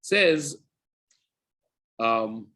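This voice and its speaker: A man's voice: mid-range voice, lively intonation, drawn-out words, pushed and bright. A rabbi giving a daily halacha class, explaining step by step, often repeating and rephrasing himself and weaving Hebrew terms into his English. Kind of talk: spoken Torah class.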